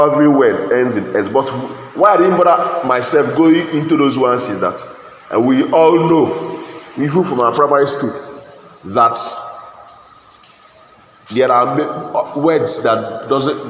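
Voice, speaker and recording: A man teaching an English grammar class, often asking the class "what?" and then answering himself, with many repeats and restarts. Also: medium pitch. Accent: Nigerian English. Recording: echoey classroom with faint noise.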